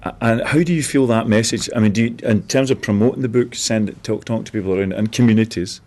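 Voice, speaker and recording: A co-host with a slightly low voice muses over ideas. He strings his questions out at length, thinking as he speaks. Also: fast talker, darkish tone. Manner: musing, thoughtful, asks long questions. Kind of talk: casual chat and interview.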